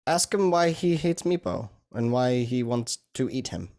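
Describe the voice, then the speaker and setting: Animated, eager tabletop player. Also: mid-range voice, measured pace. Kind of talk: casual tabletop game chat.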